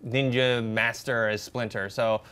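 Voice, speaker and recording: Male movie panelist, casual and measured, voice in the middle range. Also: medium pitch, little pitch movement, a bit bright, clean tone. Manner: measured, hesitant, with many restarts.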